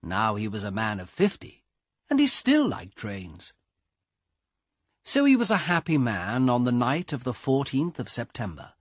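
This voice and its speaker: Man reading a learner storybook, real slow, husky voice, lively pitch, dry close mic. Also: dry recording. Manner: slow, clear, carefully paced reading. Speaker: audiobook narrator. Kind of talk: scripted narration for English learners.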